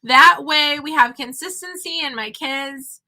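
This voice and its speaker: Young chatty homeschool mom, high and bright. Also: female voice, a little slow. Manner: chatty, talking with her child between points. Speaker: homeschooling mother and online teacher. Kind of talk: casual talk to camera.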